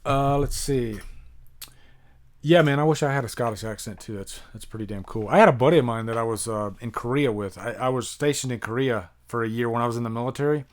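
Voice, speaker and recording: A man's voice: medium pitch, brisk. A man from the United States hosting a casual live-stream Q&A, chatty and rambling as he answers viewers. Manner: rambling and chatty, many fillers, reads out viewer questions. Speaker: YouTube horror movie reviewer, live stream host.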